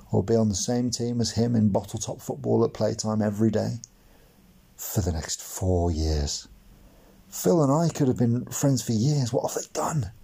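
Gravelly, mellow man telling a story. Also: fairly low pitch. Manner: wry, mock-dramatic storytelling with comic asides. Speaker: blogcast narrator. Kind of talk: reading a humorous memoir.

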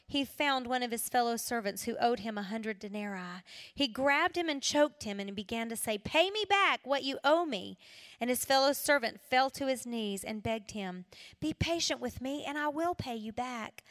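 A middle-aged woman from South Carolina, giving an emotional testimony sermon to women, dropping to a hush and then rising again. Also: fairly high pitch, moderate pace. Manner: emotional, swings from hushed to raised and cracking. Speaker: women's ministry speaker.

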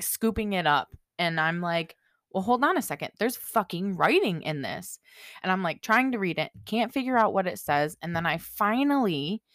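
A woman with a fairly low voice tells a story in loose, chatty podcast talk. She's blunt and swears constantly, leaning on "like" as she goes. The sound is close and dry, with no room echo. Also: fairly bright tone. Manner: blunt and heavily profane, with lots of "like". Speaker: podcast co-host. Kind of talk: casual storytelling chat.

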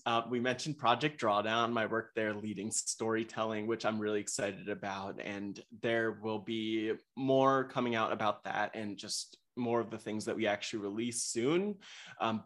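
A man's voice: fairly low pitch, steady tone, normal speed, fairly bright tone. A young man talking as a podcast guest, eager and rambling, with frequent restarts and fillers. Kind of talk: casual interview chat.

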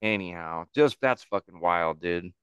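A man's voice: low voice, a little slow, a bit bright, clear, resonant tone, dry recording. A man in casual podcast chat, slangy and profane, saying dude and bro constantly. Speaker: podcast guest.

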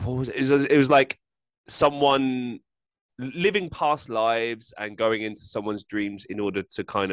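A man's voice: on the low side, clear, resonant tone, no room sound. A man hosting a casual podcast interview, rambling and self-deprecating, often repeating his words. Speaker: podcast host.

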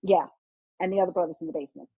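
A middle-aged woman, a guest host, telling a family story in casual chat, animated, with frequent restarts and casual swearing. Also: lowish voice, racing, breathy edge, dry recording. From New York. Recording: muffled lo-fi podcast audio.

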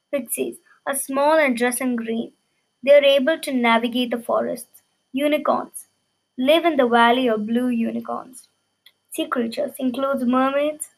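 A woman reading a children's fantasy storybook aloud in lively first person, with small slips. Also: high-pitched, gravelly, poor audio.

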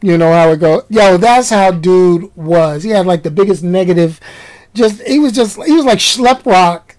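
A man vlogging, telling a rambling, casual story in slangy talk and often jumping up in pitch for emphasis. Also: lively intonation, a little slow, a little mellow, low-quality recording.

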